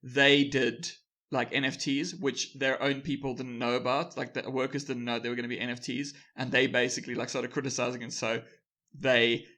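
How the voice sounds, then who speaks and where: A man co-hosting a casual podcast, reading out news items in a loose, rambling way. His voice sits at an ordinary middle pitch, and he laughs easily as he goes. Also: little pitch movement, moderate pace, sharp tone. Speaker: podcast co-host.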